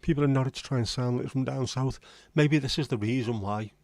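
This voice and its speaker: A man's voice: mid-range voice, brisk, a little mellow, no room sound. A man hosting a casual livestream chat, rambling and reading out viewer comments. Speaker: livestream host.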